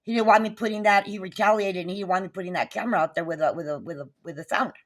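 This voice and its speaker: A woman's voice: mid-range voice, quick pace. A woman, recounting a neighbor dispute in an agitated, profane, repetitive rant. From New Mexico. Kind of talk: angry recounting vlog.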